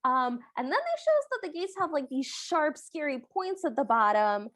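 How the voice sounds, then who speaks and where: A woman's voice: high voice, very animated, moderate pace, fairly bright tone. A woman co-hosting a podcast, chatting through a movie recap and voicing the characters' lines. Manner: bubbly, chatty retelling with voiced quotes. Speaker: podcast co-host. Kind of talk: casual movie recap chat.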